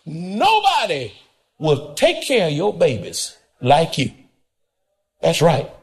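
A man preaching a sermon as pastor, folksy and direct with the congregation, swinging between high and low and sometimes shouting. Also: huge pitch swings, slow pace, creaky.

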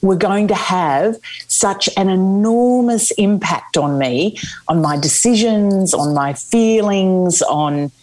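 A middle-aged woman, a memoir author, telling her story candidly in an interview, slowing down for emphasis. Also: medium pitch, low-quality recording. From Australia. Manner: candid, expressive, slows for emphasis.

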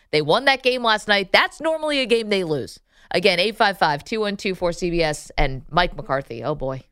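Woman, sports radio co-host, lowish smooth voice, dry studio sound, frequent laughs. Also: a bit bright, no room sound. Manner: laughs often, reads phone numbers and plugs. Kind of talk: sports talk radio banter.

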